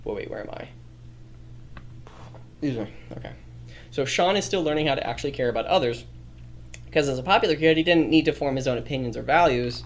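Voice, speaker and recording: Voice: mid-range voice, animated, quick pace, pauses often, slight background noise. A streamer thinking aloud while drafting a story, rambling, correcting themselves and often laughing.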